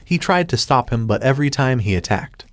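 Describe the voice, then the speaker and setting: A synthetic male voice narrating a fan fiction story in a flat, even reading that spells out sound effects. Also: mid-range voice, brisk, no room sound.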